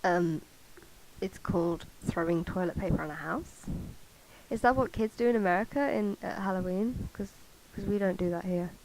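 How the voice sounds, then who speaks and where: A woman's voice: lowish voice, moderate pace, a little mellow, slight background noise, low-quality recording. A woman chatting casually in a vlog, chatty and self-mocking with casual swearing, recorded on a cheap karaoke mic. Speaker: vlogger. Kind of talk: casual chat.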